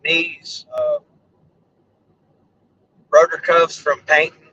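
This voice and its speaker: A man's voice: fairly high pitch, pushed and bright, recorded from a distance, dull audio, slight background noise. A middle-aged man, chatting loosely on a live stream from a vehicle, his voice worn and giving out. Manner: joking, goofy, self-mocking. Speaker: storm chaser streaming live. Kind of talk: casual rambling live-stream chat. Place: inside a vehicle.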